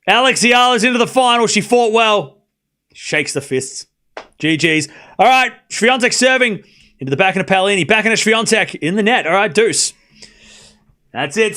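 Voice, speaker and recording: Doing live watchalong play-by-play of a tennis match, this streamer talks to his chat in a high, bright-toned voice. He moves quickly through the rallies, tossing in slang and side comments, then erupts into excited shouting at key points.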